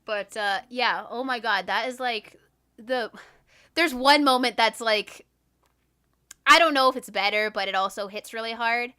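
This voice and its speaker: Bright, excitable young woman podcaster. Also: fairly high pitch, smooth. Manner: excitable, acts out characters' lines in quick retellings. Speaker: podcast co-host. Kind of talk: casual chat.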